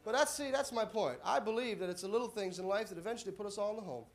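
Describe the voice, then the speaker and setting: A man doing a stand-up comedy routine on a club stage, deadpan setups that burst into shouted punchlines. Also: high-pitched, racing. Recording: live club audience laughing. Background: audience laughter and applause.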